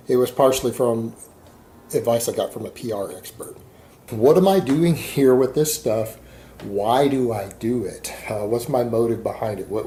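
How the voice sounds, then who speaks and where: A Texan man rambling bluntly and defiantly in a casual vlog monologue while he works at a hobby. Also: medium pitch. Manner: blunt, defiant, talks while hand-loading ammo. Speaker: vlogger. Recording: steady background noise.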